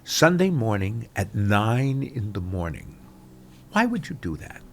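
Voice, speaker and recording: A man, a guest actor telling stories in an animated interview chat, swinging between loud bursts and mutters. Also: fairly low pitch, a little slow, gravelly, slight background noise.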